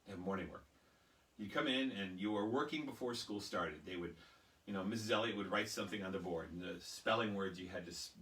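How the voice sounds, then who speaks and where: A middle-aged man telling a childhood story, acting out the voices of teachers and kids with loud bursts. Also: mid-range voice. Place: home, live online broadcast. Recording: roomy, slightly distant mic.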